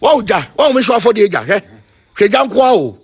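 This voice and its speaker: A man with a Ghanaian accent, preaching in an excited chanting call-and-response style, repeating his phrases over and over. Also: high voice, brisk. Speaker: self-styled spiritual leader.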